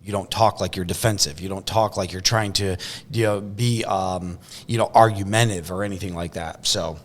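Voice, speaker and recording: A man's voice: low-pitched, fairly even intonation, normal speed. A man hosting a podcast, talking casually and rambling, with lots of restarts and fillers. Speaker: podcast host. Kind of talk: casual conversation.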